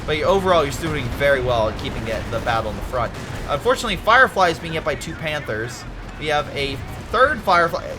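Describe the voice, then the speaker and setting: Excitable male game commentator, lively pitch. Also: fast, noisy background. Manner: animated, excitable, jokes and swears at the screen.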